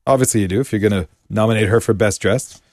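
A man's voice: on the low side, quick pace, darkish tone. A man co-hosting a podcast, chatting in a laid-back way with short agreeing replies. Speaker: podcast co-host. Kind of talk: casual chat about a TV series.

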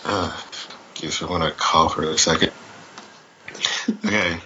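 Low-voiced, bright-toned man chatting. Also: steady tone, measured pace, long pauses, highs cut off, slight background noise. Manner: reads aloud with amused asides. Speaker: podcast co-host reading listener feedback. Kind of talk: casual podcast chat.

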